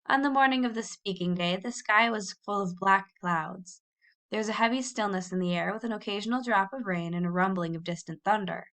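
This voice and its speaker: A woman's voice: medium pitch, brisk. Woman reading a children's novel aloud. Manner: lively storytelling, lifting her voice for the children's quoted lines. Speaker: audiobook reader. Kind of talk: scripted narration of a children's novel.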